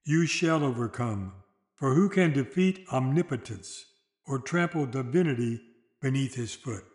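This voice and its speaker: A man delivering a sermon in a solemn, measured way, slowing down for dramatic quotations. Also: medium pitch, expressive, a little mellow, echoey room. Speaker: preacher.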